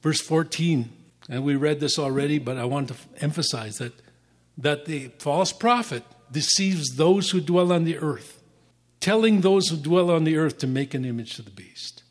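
A man teaching the Bible, reading scripture aloud and explaining it, his voice sinking quieter at the ends of phrases. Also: a little high, normal speed.

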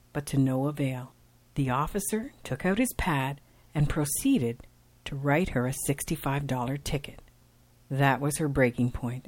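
A middle-aged woman narrates a scripted radio reflection in a gentle, unhurried storytelling way. Her voice sits low and warm in register, recorded dry and close with no room around it. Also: no room sound. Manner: gentle reflective storyteller, voicing family and judge in dialogue. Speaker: radio segment host.

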